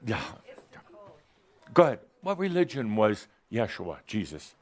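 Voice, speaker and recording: Man doing a channeled teaching talk live, slow and drawn out, voice swinging up and down, teasing the crowd. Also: lowish voice, very animated. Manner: playful, provocative, teasing the audience, laughing often. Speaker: spiritual teacher speaking to an audience. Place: live workshop room with an audience.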